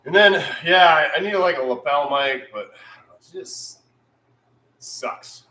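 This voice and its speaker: A man's voice: on the high side, expressive, slow pace, pushed and bright. Easygoing guy rambling on a live stream, voice bounces around a roomy garage. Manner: laid-back, rambling, reads chat aloud. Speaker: channel host. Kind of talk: casual livestream chat. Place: repair shop.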